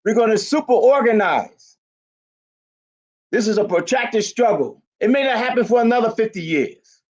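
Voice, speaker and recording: An elderly man in his eighties gives a fiery, impassioned speech at a community rally, his voice sitting notably high for a man. He is forceful, emphatic and expressive, often rising to a shout while keeping a normal pace. The recording has its highs cut off.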